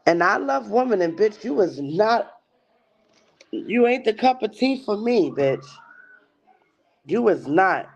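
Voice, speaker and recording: A woman's voice: medium pitch, sing-song, slow pace, long pauses. A woman hosting a livestream and ranting, profane and heated, often mocking other people's voices. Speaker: livestream host. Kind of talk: livestream rant. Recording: dull lo-fi stream audio.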